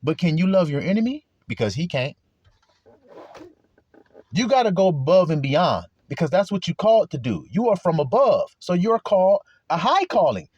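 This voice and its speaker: A man delivers a sermon in a husky, slightly raised voice that rises and falls with lively swings. He talks bluntly, with plenty of swearing. The sound is close and dry. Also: sits high, moderate pace, no echo, muffled recording. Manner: blunt and profane, acts out quarrels in voices. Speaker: preacher.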